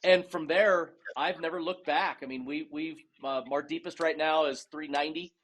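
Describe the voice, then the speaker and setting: A man telling stories as a podcast guest in a casual, animated way, acting out dialogue and often restarting his sentences. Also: a little high, moderate pace. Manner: animated storyteller who acts out dialogue, with frequent restarts. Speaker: guest, retired race car driver and dive master. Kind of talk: casual storytelling interview.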